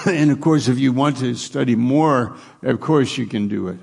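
A man's voice: mid-range voice, normal speed, gravelly, darkish tone, breathy edge. A middle-aged man preaching a conversational sermon as a pastor, plain-spoken and repeating his points for emphasis.

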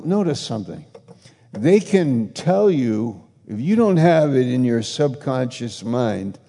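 A man's voice: medium pitch, creaky, dark tone, big-room sound. A man preaching a sermon, reading scripture with mocking asides and acting out imagined conversations, then rising to emphatic declarations. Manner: acts out imagined dialogue, mocking asides, rises to emphatic passages.

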